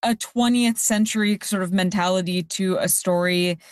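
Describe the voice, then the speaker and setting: A woman giving a measured, critical film review on a discussion panel, with dry asides. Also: medium pitch, fairly even intonation, no room sound.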